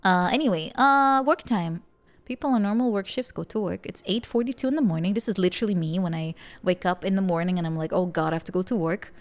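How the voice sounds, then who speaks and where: A woman's voice: mid-range voice, animated, quick pace. A woman streaming a survival game, chatting casually with frequent laughs and rambling asides. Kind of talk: casual gameplay chat. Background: game music.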